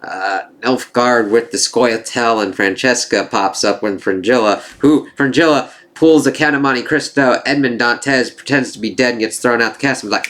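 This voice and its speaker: A man giving a casual spoken review of a TV series, rambling and excitable, swearing freely as he goes. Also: medium pitch, normal speed, few pauses. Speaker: TV show reviewer.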